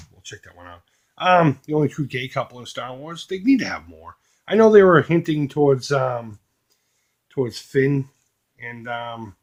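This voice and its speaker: A man casually showing off a box of collectibles, joking crudely and doing quick mocking voices for the pictures. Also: mid-range voice. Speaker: retro collecting YouTuber. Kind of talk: casual unboxing commentary.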